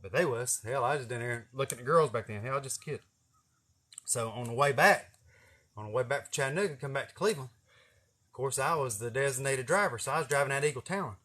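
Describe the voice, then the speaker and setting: A man's voice: mid-range voice, quick pace, a bit bright. A man, telling a personal story to camera in a folksy, profane, chuckling way. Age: 40s.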